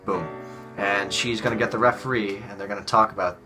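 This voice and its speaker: A man talks through a tennis match in a casual, chatty way, explaining each step as he goes. He keeps dropping "like" into his speech. Clear music plays underneath. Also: fairly low pitch, fairly even intonation, a little fast. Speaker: video host reacting to a match. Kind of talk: casual commentary.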